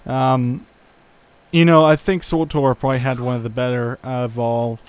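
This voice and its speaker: A man's voice: mid-range voice, little pitch movement, a little slow, clear, resonant tone. A young man giving casual gameplay commentary, thinking aloud with lots of fillers and chuckles. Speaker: gaming channel host.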